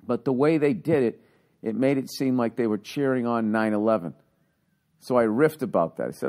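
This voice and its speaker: A man and stand-up comedian telling a story in casual chat, profane and animated. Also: mid-range voice, moderate pace. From United States.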